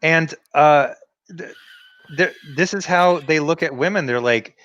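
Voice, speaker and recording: A man's voice: fairly high pitch, a little slow, a bit bright, lo-fi sound. A man from the United States, a guest on a casual podcast, talking in a hesitant way with many restarts.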